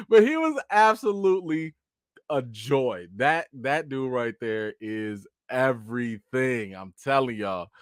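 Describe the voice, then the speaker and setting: A man hosting a casual live chat, telling stories in an animated way and talking to his viewers as "y'all". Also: mid-range voice, slow pace, no echo, studio quality. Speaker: channel host.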